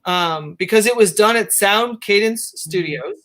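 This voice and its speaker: A woman hosting a casual interview who asks questions in halting, self-interrupting bursts. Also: mid-range voice, fairly bright tone. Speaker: interview host.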